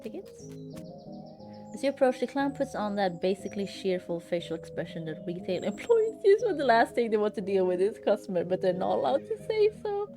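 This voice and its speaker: A woman's voice: medium pitch, sing-song, brisk, few pauses, music in the background. A woman streamer chatting casually and reading game text aloud, chatty and self-mocking.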